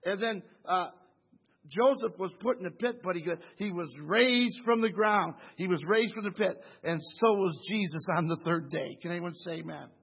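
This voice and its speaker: A man's voice: sits high, moderate pace, fairly bright tone, slightly rough. A man preaching a Bible study sermon who keeps asking the congregation "Amen?" and chuckles between phrases.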